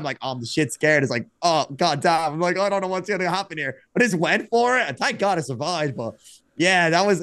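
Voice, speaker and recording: A man, a podcast guest telling wrestling stories in a casual, animated way, acting out quoted dialogue. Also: fairly high pitch, no room sound, clean studio sound. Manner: animated, acts out quoted dialogue, frequent restarts. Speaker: podcast guest, former wrestler turned streamer. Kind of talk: casual storytelling chat.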